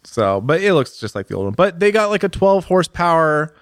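A man co-hosting a casual podcast chat, animated, with his pitch jumping for emphasis. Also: fairly quick, dry recording, studio quality. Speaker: podcast co-host. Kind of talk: casual chat about motorcycles.

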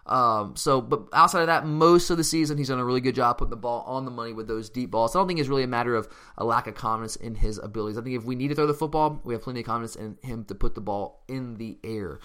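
A man hosting a sports podcast answers listener questions at a quick pace with few pauses, his medium-pitched voice sharp. The fan Q&A commentary is casual, emphatic and fired up, and he frequently restarts his sentences.

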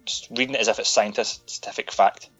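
A Scottish man rants and jokes his way through a casual film-review chat, swearing freely. His voice sounds bright and forceful. The recording is slightly dull and lo-fi, with faint music underneath. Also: on the low side, moderate pace. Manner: sweary, ranting, animated. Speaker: podcast co-host.

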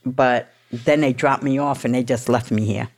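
A woman's voice: extremely low pitch, steady tone, moderate pace. A middle-aged woman from New York, a guest telling her own story in a blunt, swearing, streetwise way. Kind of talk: candid storytelling.

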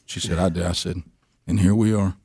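Man telling an animated story. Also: fairly quick, breathy edge, no echo, studio quality. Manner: animated storyteller, acting out quoted dialogue with big pitch jumps. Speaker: radio show host. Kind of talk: storytelling on a talk radio show.

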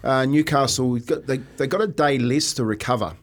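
A man's voice: medium pitch, normal speed. Rambling man on sports radio. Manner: rambling, animated storytelling with restarts. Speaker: radio sports co-host, former rugby league player. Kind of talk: casual sports radio chat.

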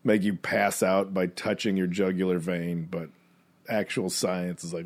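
A man co-hosting a podcast in casual chat, telling a rambling bar story and mimicking people in high squeaky voices. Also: little pitch movement, a little slow. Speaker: podcast co-host.

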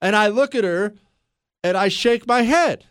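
A man hosting a radio talk show, telling a story and giving commentary in a lively, emphatic way with rhetorical questions. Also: high voice, a little slow, clean tone, no echo, clean studio sound. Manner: animated, laughs at own stories, emphatic rhetorical questions. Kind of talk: casual on-air storytelling and commentary. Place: radio studio.

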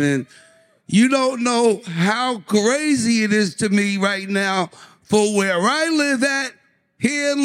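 A man hyping up a live crowd with shouted call-and-response and a slang-heavy, energetic delivery. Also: sits high, clean tone. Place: large live event hall with audience.

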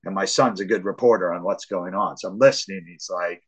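A man hosting a casual sports podcast, telling an animated story full of swearing. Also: low-pitched, fairly quick, husky, rough recording. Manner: animated storytelling, acts out shouts and voices of family; swears freely. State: hard of hearing. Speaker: podcast host.

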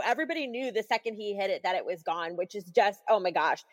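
A woman co-hosting a casual sports podcast, chatting as an excited fan with plenty of fillers. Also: mid-range voice, brisk, few pauses, big-room sound. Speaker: podcast co-host.

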